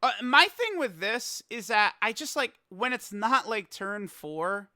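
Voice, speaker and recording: A man's voice: high-pitched, big pitch swings, measured pace, pushed and bright, dry recording, clean studio sound. A young man giving casual reaction commentary as a gaming YouTuber, exasperated and laughing, rambling with stammered restarts.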